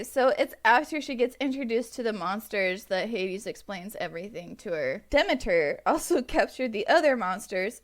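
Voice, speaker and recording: Giggly woman recapping a plot. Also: fairly high pitch. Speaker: podcast co-host. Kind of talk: casual book-club chat. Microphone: home podcast microphone.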